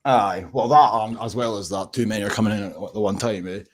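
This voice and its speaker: A man in a casual chat who talks in a rapid, animated way and swears freely. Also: fairly low pitch.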